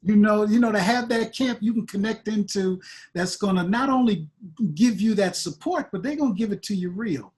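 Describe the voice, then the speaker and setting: A man hosting a talk show, encouraging his guest with frequent affirmations and relaxed questions. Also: sits high, moderate pace. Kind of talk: casual interview chat.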